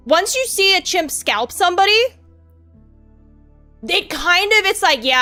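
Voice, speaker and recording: High, bright-voiced rambling young woman. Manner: rambling, profane, excitable storytelling with laughs. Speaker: VTuber streamer. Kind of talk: casual stream chat.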